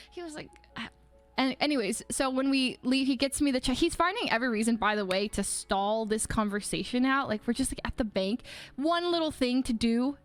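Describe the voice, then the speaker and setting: High-voiced young woman rambling casually. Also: quick pace, faint music behind. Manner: rambling storytelling full of "like", with laughter. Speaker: livestreamer. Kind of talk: casual chat.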